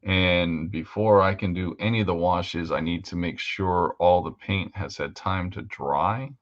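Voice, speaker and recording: A man hosts a live model-painting stream, chatting in a loose, rambling way with plenty of fillers. His voice is low and deep. The audio is dull and lo-fi. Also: unhurried. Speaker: host of a live hobby painting show. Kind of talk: casual livestream chat while painting models.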